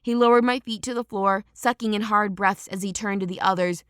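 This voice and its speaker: A woman narrating a first-person audiobook in a steady, dramatic storytelling manner. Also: mid-range voice, normal speed, few pauses, smooth, no room sound, clean studio sound.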